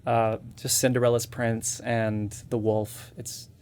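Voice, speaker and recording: A man's voice: mid-range voice, little pitch movement, slow pace, darkish tone, clean tone. A man with a slightly nasal voice, a voice actor and impressionist guest explaining his techniques step by step in casual interview chat.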